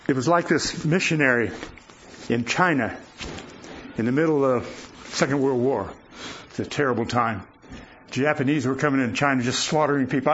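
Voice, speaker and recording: A man's voice: mid-range voice, fairly bright tone. An older man giving a guest sermon, telling personal stories in a folksy, chuckling way. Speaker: guest preacher. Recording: dull lo-fi recording with faint noise.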